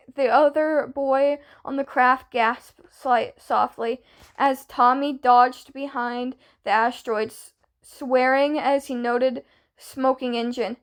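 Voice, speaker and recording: A young woman reading a fanfiction story aloud in a casual way, often stumbling and restarting words. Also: sits high. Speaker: fanfiction reader.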